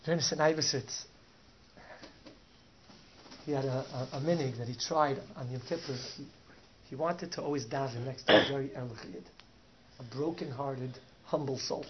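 A man, a rabbi, telling a story in a Torah talk, sprinkling in Yiddish and Hebrew words and swinging from soft to loud. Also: a little high. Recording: dull lo-fi recording with faint noise.

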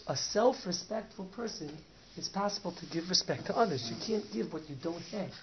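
A man's voice: high voice, fairly quick. Man giving a Yiddish-flavored Torah talk. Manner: sprinkles Yiddish and Hebrew words, swings from soft to loud. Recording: dull lo-fi recording with faint noise.

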